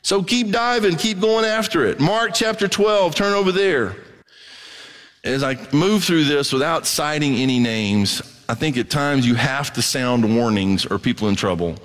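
A man delivering a sermon in a casual, conversational way, his fairly high voice rising when he gets worked up and dropping low for quiet asides. The long reverb of a big hall trails behind his words. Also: moderate pace. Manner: conversational preaching, swings from quiet asides to excited emphasis. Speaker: pastor.

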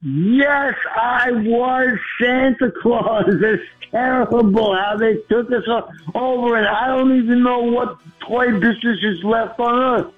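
Caller, male, very high voice, slow excited gushing talk, tinny phone line. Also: breathy edge, soft background music. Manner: excited, gushing, laughing easily. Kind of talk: phone call into a radio show.

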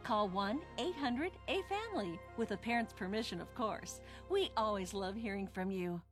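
A woman's voice: mid-range voice, lively intonation, moderate pace. A woman announcer reading a friendly, scripted message for listeners. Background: music.

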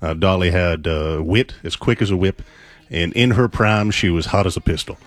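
A man's voice: low voice, normal speed, dry recording, lightly acted. A man doing a comedy impression of a brash older football team owner, drawling folksy crude boasts on sports radio. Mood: boastful.

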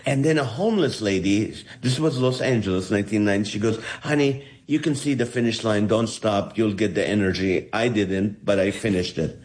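A middle-aged man from the Holy Land, a comedian telling stories in an interview, acting out each quoted voice with energy. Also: medium pitch. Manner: animated, acts out the quoted voices. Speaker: comedian guest. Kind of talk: storytelling in an interview.

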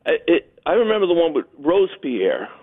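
A man calling in to a talk show, telling stories and jokes in an animated way over a phone line. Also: a little high, brisk. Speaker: caller. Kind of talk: phone-in storytelling.

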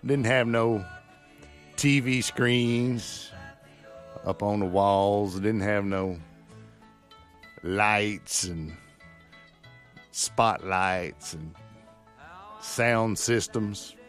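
A man's voice: fairly low pitch, fairly even intonation, drawn-out words, long pauses, fairly bright tone, faint music behind. A male local radio host chatting in a folksy, rambling way, full of fillers and restarts. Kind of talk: casual local radio chat. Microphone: studio microphone.

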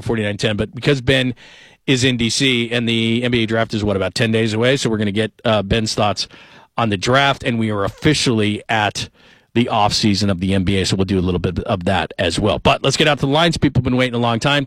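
A man hosting late-night sports talk radio from a studio, energetic, jokey and rambling. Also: medium pitch, no room sound.

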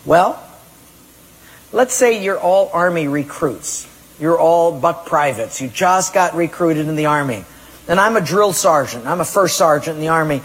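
A pastor preaching a sermon, emphatic, acting out people's excuses in a raised voice. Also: male voice, on the high side, lively intonation, measured pace, slightly rough, long reverb tail, poor audio.

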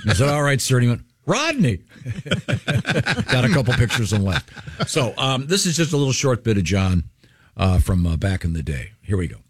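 Low-voiced folksy male host. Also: sing-song, a little fast, slightly rough, no room sound. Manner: folksy, rambling with fillers. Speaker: radio host. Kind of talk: casual studio chat.

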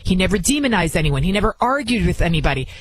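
A woman's voice: on the low side, very animated, fast talker, husky, low-quality recording. A woman hosting an opinion commentary show, indignant and prone to repeating words when heated.

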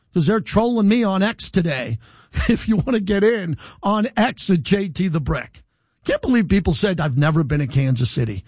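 High-voiced animated radio host man. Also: no echo, studio quality. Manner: animated, defiant, rambling without a script. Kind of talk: live radio monologue. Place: radio studio. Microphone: studio microphone.

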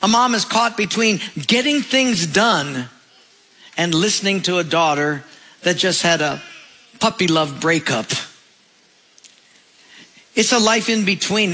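A man's voice: sits high, pushed and bright, low-quality recording. A male pastor preaching a sermon, telling humorous stories and acting out the voices in them. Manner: storytelling with acted voices and humor.

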